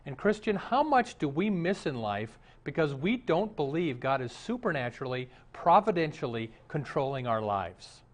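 A man's voice: a little high, sing-song, normal speed, hardly any pauses. A man, a pastor, preaching a conversational sermon with jokes and direct questions to the congregation.

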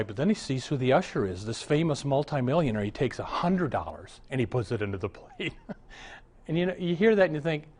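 A man, a pastor, preaching a sermon full of anecdotes, mixing humor with exhortation. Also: medium pitch. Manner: animated storytelling, mixes humor with exhortation.

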